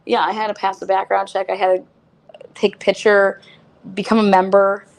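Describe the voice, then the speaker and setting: A woman recounts an outrageous night out in a loose, chatty way, full of fillers and exclamations. She keeps laughing and jumps into higher, louder voices when she acts out what others said. Her voice sits at a middle pitch. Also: normal speed, vocal fry. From United States. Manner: animated, laughing, acts out others' lines in a raised voice; frequent fillers like "like" and "oh my God". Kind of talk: casual storytelling.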